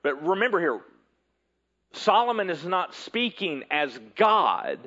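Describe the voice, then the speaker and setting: A man preaching a sermon in an earnest way, often dropping low and quiet at the ends of phrases. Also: sing-song, slow pace, lo-fi sound. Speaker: pastor.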